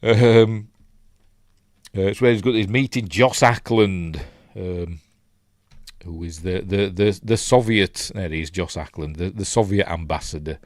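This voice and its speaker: This film reviewer from Yorkshire, England has a low, steady voice and speaks a little slowly. His loose breakdown of the movie wanders through ums and absent-minded asides, captured in studio quality with no echo.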